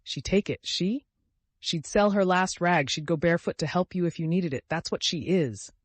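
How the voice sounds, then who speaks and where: A man voicing a desperate, consumptive mother who pleads and accuses in shrill, hoarse outbursts. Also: very animated, moderate pace, no echo. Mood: desperate pleading.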